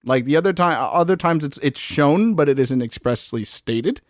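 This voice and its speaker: A man co-hosting a casual podcast, retelling film scenes with enthusiasm and dropping into a hushed voice for quoted lines. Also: on the high side, animated, moderate pace, no room sound, clean studio sound. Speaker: podcast co-host recapping a film. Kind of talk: casual chat.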